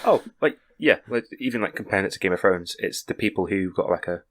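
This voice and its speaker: A man's voice: deep voice, animated, quick pace, fairly bright tone. A man, co-hosting a casual podcast chat in a chatty, teasing way. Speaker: podcast co-host.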